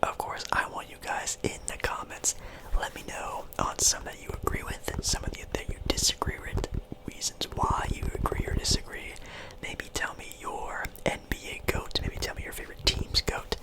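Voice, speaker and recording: A man's voice: moderate pace, poor audio. A young man whispering a casual ASMR sports ramble as host, chewing gum as he talks.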